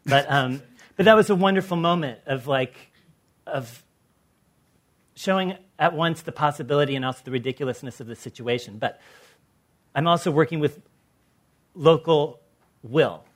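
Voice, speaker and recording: An American man from Los Angeles, an artist on a panel discussion, telling stories in an animated way and acting out the people he quotes. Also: a little high, moderate pace, long pauses. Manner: animated storyteller who acts out quoted people.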